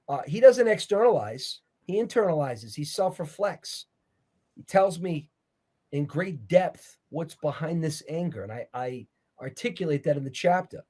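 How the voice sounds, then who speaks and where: A man sits for an interview and walks through his points in an earnest, preacherly tone. His voice sits a touch higher than most men's. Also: lively intonation, moderate pace, dark tone. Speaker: interview guest, author. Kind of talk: conversational interview.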